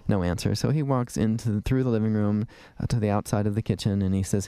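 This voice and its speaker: A man's voice: lowish voice, quick pace, hardly any pauses, warm tone, smooth, no room sound. A man hosting a radio talk show as a dentist, chatting in a rambling way with fillers and restarts from a studio.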